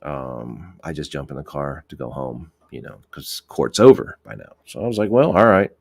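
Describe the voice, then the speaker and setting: A police officer telling a work story in a rambling, profane way, with many restarts. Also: male voice, a bass voice, animated, moderate pace, creaky, mellow, breathy edge. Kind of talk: casual podcast storytelling.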